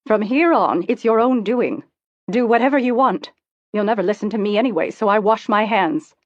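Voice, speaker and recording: A woman's voice: medium pitch, brisk, darkish tone, no echo, lightly acted. A woman voicing a cold, disapproving middle-aged mother who speaks curtly, on a dull, lo-fi recording. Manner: curt, scolding.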